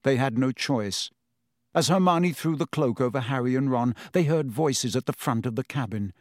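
Reading from a script, a man narrates an audiobook with a medium-pitched voice. The delivery is steady and measured, and the studio recording is dry.

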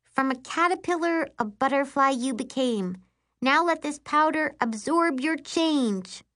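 A woman voicing a sleepy, bookish young girl who protests in a high, whiny voice in an audiobook. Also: lively intonation, measured pace, a bit bright. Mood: eager. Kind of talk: audiobook character voice.

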